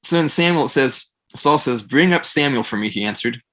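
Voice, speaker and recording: A man on a podcast talking about scripture, acting out quotes in a lively storytelling way. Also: medium pitch, brisk. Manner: animated storyteller, acts out quoted voices. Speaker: podcast guest. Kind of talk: casual podcast discussion.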